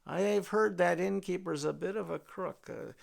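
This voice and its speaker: Man voicing a worried folktale mother; fretful, gravelly. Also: high voice, moderate pace. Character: worried mother of a simple son.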